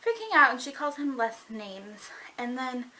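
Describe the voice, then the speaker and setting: Gushing young woman with bright voice. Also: sits high, big pitch swings, normal speed, poor audio. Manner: gushing, dramatic, rambling with many fillers. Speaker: book reviewer. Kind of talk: excited casual book review.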